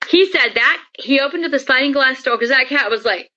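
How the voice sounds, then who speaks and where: A woman interview guest telling her story in a lively way and acting out the dialogue. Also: high voice, a little fast, dull audio. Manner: lively, acts out quoted dialogue. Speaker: interview guest, paranormal experiencer. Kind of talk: animated storytelling.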